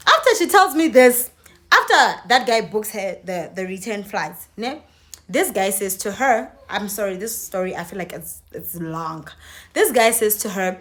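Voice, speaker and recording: A young South African woman telling a storytime vlog in an animated, dramatic way, acting out dialogue and switching languages mid-sentence. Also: mid-range voice, normal speed. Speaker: vlogger.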